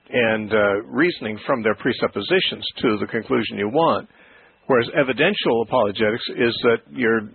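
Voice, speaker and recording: A male call-in radio host with a gravelly, husky voice that sounds narrow and phone-like. He explains scripture slowly, repeating words as he gathers his thoughts. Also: medium pitch. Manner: thoughtful, explanatory, with frequent restarts. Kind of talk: call-in Bible radio show.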